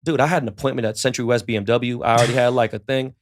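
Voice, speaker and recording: Racing along with fairly even intonation, a middle-aged man at medium pitch swaps casual stories in a podcast interview. He swears freely, keeps things laid-back, and plays out the dialogue as he goes.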